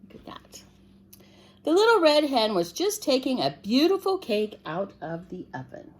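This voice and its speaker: A woman reading a picture book aloud to children in a gentle, expressive way, stopping to ask the listener questions. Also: sits high, moderate pace, slightly rough.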